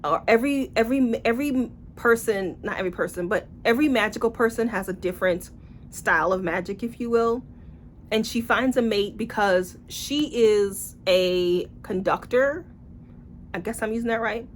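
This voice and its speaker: Speaking at normal speed in a highish voice, with a bit of hiss or hum on the recording, this book reviewer is sarcastic, blunt and profane. In her casual vlog she animatedly plays out the characters she quotes.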